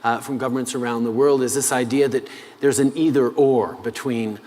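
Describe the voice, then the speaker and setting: Measured man pausing on "uh"s. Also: medium pitch, steady tone, darkish tone, in a large hall. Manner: measured, with frequent "uh" pauses. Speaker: head of government being interviewed. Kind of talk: interview answers.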